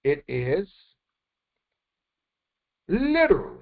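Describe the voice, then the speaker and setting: A man teaching a verse-by-verse Quran commentary lesson, explaining slowly with repetitions and quoted Arabic terms. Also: on the high side, huge pitch swings, gravelly. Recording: dull lo-fi recording.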